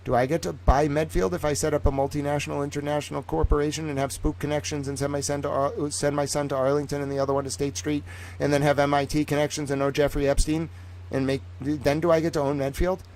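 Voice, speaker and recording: A man's voice: a little high, level tone, fast talker, a little mellow, poor audio. A man streaming a profane, sarcastic monologue, swearing freely and acting out imagined conversations in different voices. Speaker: independent streamer and commentator.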